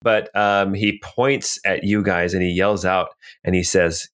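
A man narrating as game master of a tabletop role-playing game, relaxed, with filler ums. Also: low-pitched, unhurried.

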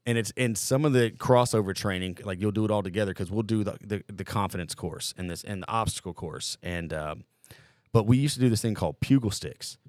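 A man's voice: on the low side, a little fast, dry recording, clean studio sound. A man telling boot camp war stories in a casual podcast chat, profane and rambling, full of filler words. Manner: rambling, profane, lots of "like" and "dude".

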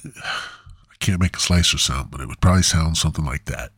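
Low, husky rambling man. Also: brisk, fairly bright tone. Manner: rambling, crude, repeats himself. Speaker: podcast host. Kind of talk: crude comedic monologue.

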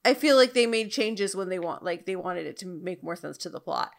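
A woman co-hosting a casual TV recap, lively and rambling. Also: mid-range voice, a little fast, vocal fry, few pauses. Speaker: podcast co-host.

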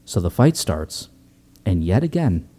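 A man casually recapping a movie as a podcast host, animated, joking and profane. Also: sits low, a little slow. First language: Italian heritage, speaks English.

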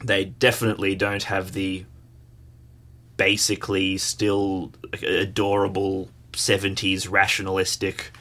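An Australian man with a slightly low voice co-hosting a loose political conversation. He is wry and digressive and swears casually. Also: completely flat delivery, a little slow, a bit bright.

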